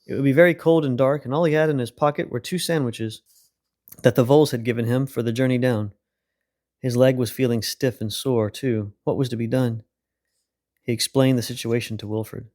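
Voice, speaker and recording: A man hosting a podcast, reading a children's storybook aloud in a calm, unhurried way. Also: mid-range voice. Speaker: podcast host and reader.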